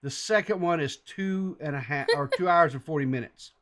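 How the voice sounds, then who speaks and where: Male podcast host with a somewhat high voice, loose meandering storyteller. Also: normal speed, fairly bright tone. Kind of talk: casual podcast chat.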